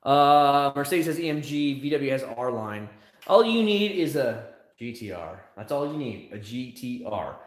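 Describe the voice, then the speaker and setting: A man's voice: medium pitch, very animated, measured pace, echoey room. A man in his thirties hosting a livestream, chatting casually and answering comments as they come in. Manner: rambling, answers chat comments. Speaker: livestream host.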